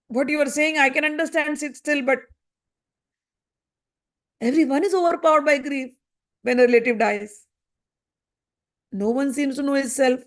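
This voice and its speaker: Woman with a pretty high voice teaching scripture, keeps firing questions at you. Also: normal speed, long pauses. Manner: pressing rhetorical questions, repeating phrases for emphasis. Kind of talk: spoken commentary on a spiritual text.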